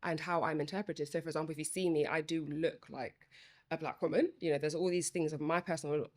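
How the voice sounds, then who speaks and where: A woman's voice: sits low, steady tone, fast talker. A woman who stammers, speaking passionately on a podcast, with frequent restarts and filler sounds as she thinks aloud. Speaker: former student working in Parliament. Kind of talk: conversational podcast chat.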